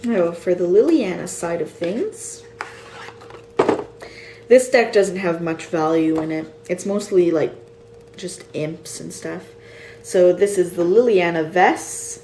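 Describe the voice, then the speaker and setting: A tired, yawning woman showing off a card game box set, slowly reading out card names and sometimes unsure how to say them. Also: fairly low pitch, a little mellow. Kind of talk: casual show-and-tell. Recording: echoey room with faint ambient noise.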